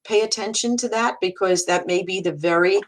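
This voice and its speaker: A woman's voice: medium pitch, fairly quick. A woman who works as a psychic medium answers questions in a loose, conversational way, thinking aloud as she goes.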